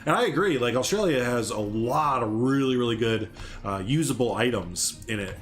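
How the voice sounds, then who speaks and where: A man's voice: medium pitch, animated, moderate pace, soft background music. A young man rambling casually on a live game stream, chatting with viewers as he builds. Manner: rambling, chatty, reads and answers chat.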